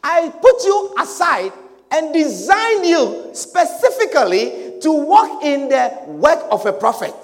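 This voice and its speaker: A man with a very high, lively voice preaches slowly and deliberately, rising to shouted emphasis and trading amens with the congregation. His sermon rings out with a long reverb, as if it were recorded in a large church sanctuary. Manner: slow, emphatic preaching with shouted peaks and call-and-response amens.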